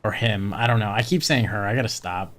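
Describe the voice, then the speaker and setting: A video game streamer giving casual gameplay commentary, animated, laughing often and swearing casually. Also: medium pitch, brisk.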